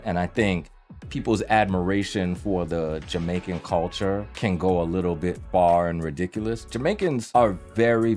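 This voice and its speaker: A man with a New York accent speaks to camera from his home studio. He rants in a fairly low, emphatic voice that rises in animated bursts. Faint music plays underneath. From New York, USA. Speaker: voiceover artist and YouTuber. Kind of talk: direct-to-camera opinion rant.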